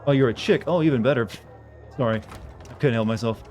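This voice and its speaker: A male game streamer chatting casually with his viewers in a dry, flat monotone. His voice sits at an ordinary middle pitch, with faint background noise. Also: fast, muffled recording.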